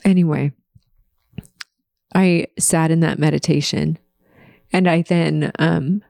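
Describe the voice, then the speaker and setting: A woman hosts her own podcast in a slow, earnest, confessional monologue. Her voice has a gravelly edge of vocal fry, and the sound is close and dry, with no room around it. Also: low voice, fairly even intonation, a little mellow, dry recording. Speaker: podcast host.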